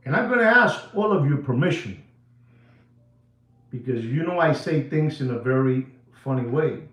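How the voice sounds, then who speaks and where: Man, excitable, repetitive, mixes languages, fairly high voice, roomy echo. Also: normal speed, recorded from a distance. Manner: excitable, switches between English and Spanish, repeats himself; drops to a low serious tone. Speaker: watch channel host. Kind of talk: animated casual monologue.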